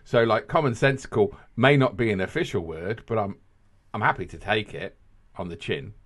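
A man's voice: fairly low pitch, normal speed, a bit bright. A man hosting a podcast, rambling and jokey in casual banter, laughing often. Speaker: podcast host.

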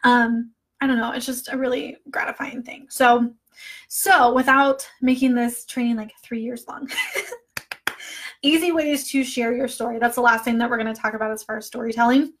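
A woman's voice: a little high, fairly even intonation, normal speed, fairly bright tone. A woman coach giving a casual recorded training talk, chatty and full of fillers, openly emotional as she speaks. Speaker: online business coach.

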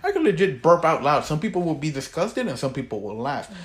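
A teenage guy co-hosting a podcast rants casually and profanely, rambling and getting worked up as he goes. His voice is fairly high, with big swings in pitch and a brisk pace.

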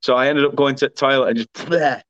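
A man's voice: medium pitch, little pitch movement, very fast, fairly bright tone, clear, resonant tone, no echo, muffled recording. Chatty man hosting a talk show. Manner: chatty, laughs often, reads comments aloud. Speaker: podcast host reading viewer comments. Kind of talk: casual chat.

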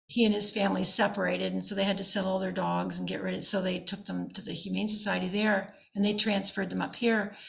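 A woman's voice: medium pitch, gravelly, poor audio. A woman from Canada, a singer-songwriter guest, telling stories eagerly in a casual interview chat. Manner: animated, eager storytelling.

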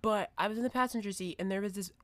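A woman's voice: mid-range voice, rapid-fire, dry recording. Young woman rambling through a story. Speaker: podcast co-host. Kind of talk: casual chat, anecdote telling.

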